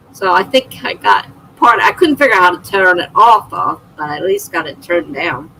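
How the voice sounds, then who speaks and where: A middle-aged woman hosts a live stream in a loose, chatty way and reads each viewer comment aloud. She laughs easily between remarks. Her voice sits at a middle pitch, and a faint noise hums behind her. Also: measured pace, vocal fry, poor audio. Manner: chatty, laughs often, reads chat out loud. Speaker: livestream host. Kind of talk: casual chat reading viewer comments aloud.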